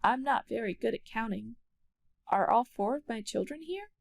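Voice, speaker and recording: A woman's voice: on the high side, expressive, normal speed, creaky. A woman voicing a polite, hesitant mother mouse in a children's storybook reading. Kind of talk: children's storybook read-aloud.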